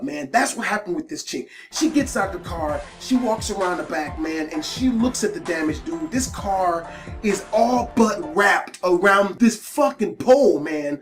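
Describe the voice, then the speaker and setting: A man telling a wild personal story in casual, profane storytime style, full of slang fillers. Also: high-pitched. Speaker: storytime YouTuber.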